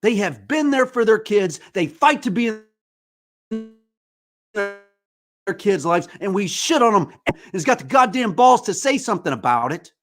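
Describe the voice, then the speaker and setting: A podcast host in his forties pours out an angry, impassioned monologue, swearing often. His voice sits high for a man. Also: sing-song, a little slow, pauses often, fairly bright tone. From United States. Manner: angry, profane ranting.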